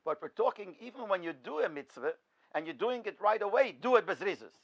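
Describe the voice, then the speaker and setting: High-voiced rabbi teaching, dull recording. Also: male voice, lively intonation, brisk. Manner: poses questions and answers them himself. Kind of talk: in-depth Torah lecture.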